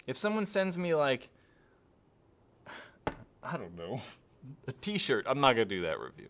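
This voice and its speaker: A man's voice: medium pitch, wildly swooping pitch, measured pace, fairly bright tone, slight background noise. A young man hosting a live stream and answering chat questions casually, rambling and hesitant, with many fillers.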